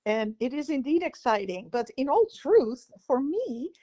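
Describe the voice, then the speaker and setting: A woman's voice: sits high, very animated, unhurried, mellow, highs cut off. A Dutch-accented woman in her sixties, co-hosting a podcast in a joking, teasing way and often laughing. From Netherlands. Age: 60s. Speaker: podcast co-host. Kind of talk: casual chat.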